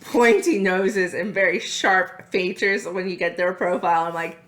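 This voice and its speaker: Low-voiced woman in playful chat. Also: unhurried, fairly bright tone. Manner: playful, teasing. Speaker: podcast co-host. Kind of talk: casual chat.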